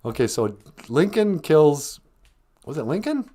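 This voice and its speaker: A man's voice: a little high, very animated, measured pace, dark tone. A middle-aged man, hosting a casual livestream podcast, joking with viewers and slipping into silly voices. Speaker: podcast host.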